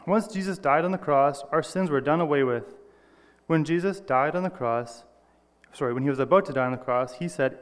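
A man's voice: mid-range voice, long reverb tail. A man giving an earnest, personal sermon, reading scripture and correcting small slips as he goes. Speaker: lay preacher.

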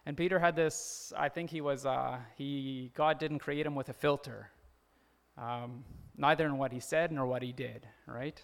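A man's voice: mid-range voice, fairly even intonation, normal speed, vocal fry. A man preaching a sermon in a conversational way, often laughing and acting out the quoted lines. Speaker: pastor.

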